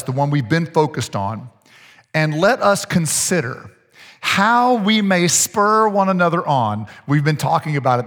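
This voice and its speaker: A man preaching a sermon as pastor, energetic and coaxing, repeating key phrases to his congregation. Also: fairly high pitch. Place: church hall. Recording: echoey church hall with long reverb.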